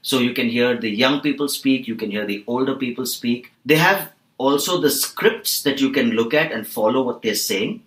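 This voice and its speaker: A man talks listeners through tips in a measured, instructive way, stretching out the words he wants to stress. His voice sits at an ordinary middle pitch. The room around him rings with noticeable echo. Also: a bit bright. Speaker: English teacher on podcast. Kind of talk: explanatory podcast chat.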